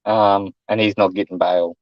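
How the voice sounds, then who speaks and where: Aussie bloke telling a story, swears, does the voices, kinda muffled dry audio. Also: male voice, on the low side, little pitch movement, normal speed, dry recording. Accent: Australian. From Australia. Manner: blunt, swearing, acts out quotes loudly. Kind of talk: casual chat, storytelling. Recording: dull, dry lo-fi sound.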